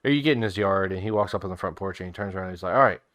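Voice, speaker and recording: A man narrating a tabletop game as game master, casual and halting, with many fillers and restarts. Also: deep voice, dry recording, studio quality.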